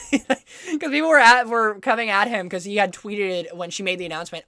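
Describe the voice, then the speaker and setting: A woman hosting a casual podcast tells an animated story laced with profanity and sarcasm. Her voice is slightly high and brisk, captured in a dry, clean studio recording.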